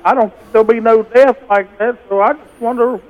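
A man's voice: extremely high pitch, fairly even intonation, brisk. A man calling in to a radio show, plain-spoken and a little hesitant as he asks his question. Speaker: caller. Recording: muffled phone line.

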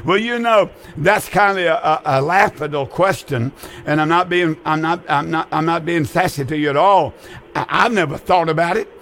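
A man's voice: fairly high pitch, normal speed, a bit bright, slight background noise. An older man hosting a call-in Bible radio show, earnest and folksy, often repeating his phrases for emphasis.

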